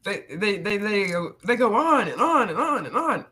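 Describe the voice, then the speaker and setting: A man's voice: high voice, big pitch swings, moderate pace, pushed and bright. A man hosting his own channel, delivering a sarcastic, mocking rant with many restarts. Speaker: channel host.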